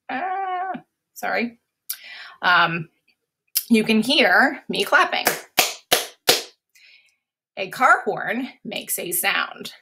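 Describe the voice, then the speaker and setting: A woman's voice: fairly low pitch, gravelly, sharp tone, slightly rough. A woman teacher reading a simple science lesson aloud, patiently repeating key words and sometimes dropping to a whisper for examples. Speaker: special education teacher. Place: classroom or home, recorded for remote lesson.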